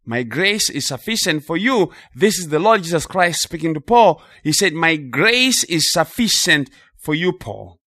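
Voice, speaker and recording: A man preaching a sermon with emphasis, repeating key phrases and slowing on important words. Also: fairly high pitch, big pitch swings, pushed and bright, no echo, studio quality.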